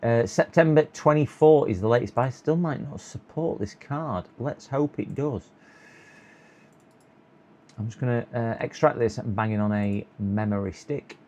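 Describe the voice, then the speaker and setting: Here a man's mid-range, darkish voice moves unhurriedly as he works on a computer during a live stream. Tired and with a sore throat, he mutters to himself, chuckles, and coaxes hopefully in a casual running commentary.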